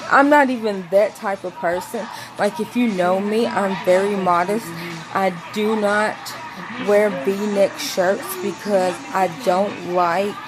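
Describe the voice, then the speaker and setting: Rambling woman vlogger, music behind. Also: poor audio. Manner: rambling, animated, acts out quotes in high voices. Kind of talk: casual storytelling to camera.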